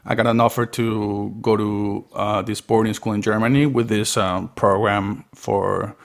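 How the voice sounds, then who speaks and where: A young man from Peru, a comedian guest, telling rambling, animated stories in a casual podcast chat. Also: fairly low pitch, a little slow, vocal fry.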